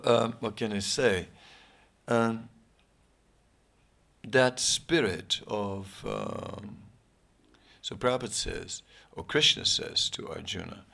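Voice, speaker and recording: Slow, gravelly-voiced male preacher. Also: sits low, bright, forceful tone. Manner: rambling, joking, many fillers and restarts. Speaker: spiritual teacher. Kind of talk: informal sermon.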